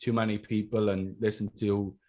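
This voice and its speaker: A man's voice: lowish voice, little pitch movement, normal speed, dark tone. A man hosting a casual interview as a sales mentor, talking bluntly and swearing freely.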